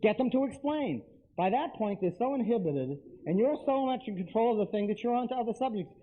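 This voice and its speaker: A man's voice: high voice, expressive, brisk. A man giving a live lecture to an audience, talking emphatically and straight to them with repeated phrases. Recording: tinny lo-fi lecture recording.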